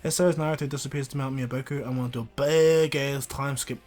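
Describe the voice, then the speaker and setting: A man's voice: mid-range voice, fairly even intonation, quick pace, darkish tone. Casual New man telling a fan story. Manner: rambling, with fillers and restarts.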